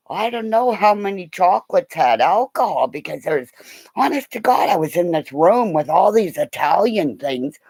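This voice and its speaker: A woman telling a long, rambling story in a casual way. She laughs often and bursts into loud quoted lines. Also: lowish voice, dry recording.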